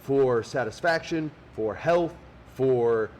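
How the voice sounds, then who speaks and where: A man's voice: mid-range voice, slow pace, slight background noise. A man co-hosting a podcast, chatting casually and swearing freely. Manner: swears freely, acts out quoted people in animated voices. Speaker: podcast co-host. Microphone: podcast studio mic.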